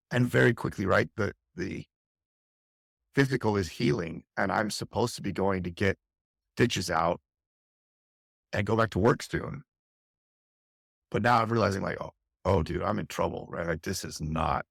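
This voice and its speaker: A man's voice: low-pitched, gravelly, no echo, clean studio sound. A middle-aged man, a fire captain, recounting a harrowing experience intensely and candidly in an interview, often restarting his phrases. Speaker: fire captain, podcast guest.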